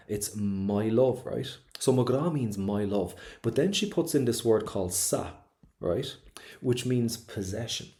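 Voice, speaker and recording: A man's voice: lowish voice, warm tone. A man with an Irish accent teaching an online exam-prep class, chatty and enthusiastic, acting out quoted lines as he goes.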